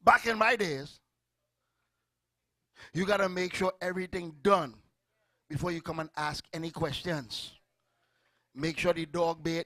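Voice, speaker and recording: A middle-aged man with a Trinidadian accent preaching a sermon, animated and storytelling, calling out to his congregation. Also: fairly high pitch, measured pace, long pauses, dry recording. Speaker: pastor.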